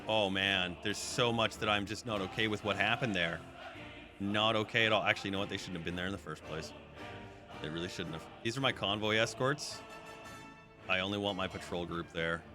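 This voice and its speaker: A man's voice: sits low, fairly quick. A man giving chatty live commentary while he plays a strategy game and talks to his chat. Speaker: streamer. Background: background music.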